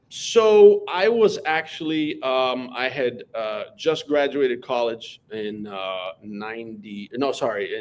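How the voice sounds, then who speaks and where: A man, a math teacher telling school anecdotes as an interview guest in an animated, lively way. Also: medium pitch, slight background noise. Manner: animated, lively storyteller who acts out voices.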